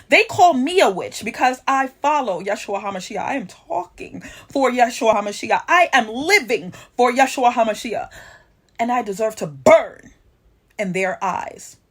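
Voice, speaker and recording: High-voiced woman preaching defiantly. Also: expressive, normal speed, fairly bright tone, slightly rough. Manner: emphatic, defiant and confrontational; repeats phrases for emphasis. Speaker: online commentator. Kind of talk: preachy monologue vlog.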